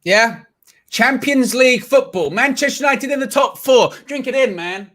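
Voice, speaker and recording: A man's voice: extremely high pitch, lively intonation, moderate pace, a bit bright. A man hosting a live football fan show, talking emphatically and repeating phrases for effect. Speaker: host of a football fan channel livestream. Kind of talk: live post-match fan reaction show.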